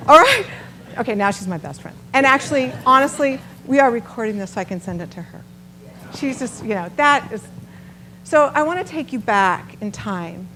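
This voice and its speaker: A middle-aged woman giving a storytelling talk to a live audience, chatty and animated, often asking the listeners questions. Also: fairly high pitch, slight background noise, low-quality recording. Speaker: nonprofit founder giving a talk.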